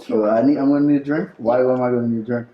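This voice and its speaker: A man's voice: mid-range voice, fairly even intonation, very fast, highs cut off. A man hosting a casual food review vlog, talking in a playful, teasing way at home. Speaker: food vlogger host. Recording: echoey room with faint noise.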